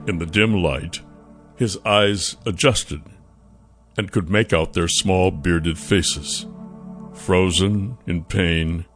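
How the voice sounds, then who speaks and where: A man narrating a fantasy audiobook in a measured, deliberate way. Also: sits low. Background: faint music.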